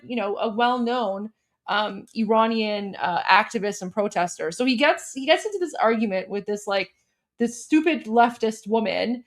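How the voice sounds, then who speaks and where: A young woman from Iran chats through a livestream in a slightly high voice. She rambles and restarts, filling her talk with "like" and "um" as she explains things to her viewers. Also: fairly bright tone. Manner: chatty, many fillers and restarts, explaining a meme. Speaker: host. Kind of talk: casual livestream commentary.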